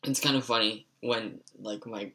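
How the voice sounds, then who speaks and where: Young man, stuffy raspy voice, bright tone, casual profane storytelling. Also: lowish voice, steady tone, normal speed. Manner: rambling, profane, frequent "like" fillers.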